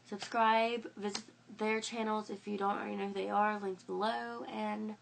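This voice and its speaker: A woman's voice: mid-range voice, level tone, moderate pace, vocal fry, a little hiss or hum. A young woman rambling through a late-night vlog at home, sick and sniffling, with lots of fillers and restarts. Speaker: vlogger.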